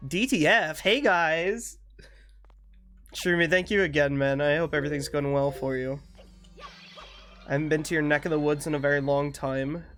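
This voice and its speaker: A man's voice: fairly high pitch, fairly even intonation, normal speed, pauses often, fairly bright tone. A young man streaming a game, chatting casually with his viewers, laid-back, laughing often and swearing freely. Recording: faint music behind.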